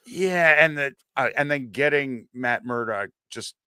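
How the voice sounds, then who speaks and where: Bright-voiced man gushing on a podcast. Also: mid-range voice, measured pace, clean tone, dry recording, studio quality. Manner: enthusiastic, joking, swearing. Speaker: podcast co-host. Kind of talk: casual crude podcast banter.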